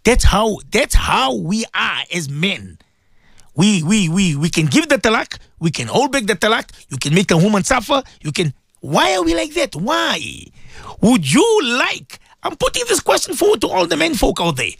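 A man's voice: high voice, sing-song, moderate pace, gravelly, a bit bright, husky, dry recording, clean studio sound. A man hosting an Islamic radio show, preaching with passion, asking rhetorical questions and repeating himself for emphasis. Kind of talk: impassioned religious radio talk.

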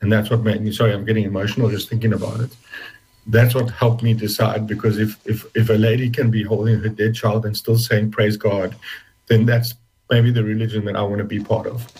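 A man speaking as an interview guest, telling a personal story in fast halting bursts with many repeated words. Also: fairly low pitch, little pitch movement, a little mellow, slightly rough, poor audio. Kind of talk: emotional personal testimony.

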